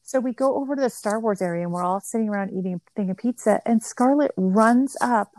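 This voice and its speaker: A woman's voice: on the high side, fast talker, a little mellow, no echo. A middle-aged woman, a mother and podcast guest, telling family stories in casual conversation, chatty and full of "like" fillers. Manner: chatty, storytelling with many "like" fillers.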